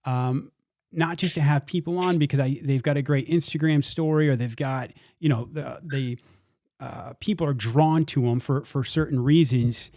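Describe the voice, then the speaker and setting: An earnest man hosting a podcast, his voice sitting at a middle pitch. He often doubles back on words as he thinks. The sound is dry and close to the mic. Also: moderate pace, warm tone, dry recording. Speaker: podcast host. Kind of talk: podcast intro and interview.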